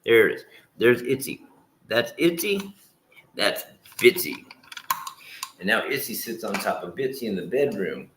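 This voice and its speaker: A man's voice: on the low side, big pitch swings, unhurried, pauses often, background noise. A middle-aged man rambling casually on a livestream, swearing now and then. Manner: rambling, swears casually, shifts into loud scolding and prayer. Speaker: vlogger livestreaming with his dogs.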